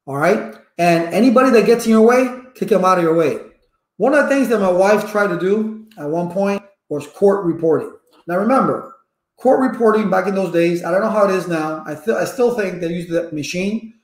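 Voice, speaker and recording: A man talking casually to viewers as a networking instructor, a lively storyteller full of personal anecdotes. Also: high-pitched, fairly quick. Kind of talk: casual rambling talk to viewers. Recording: echoey room.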